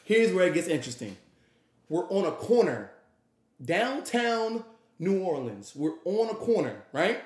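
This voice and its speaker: Man, profane storyteller, higher voice, echoey room. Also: unhurried. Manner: animated and profane, acts out the people in his story. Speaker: streamer. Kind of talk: casual storytelling to a live audience.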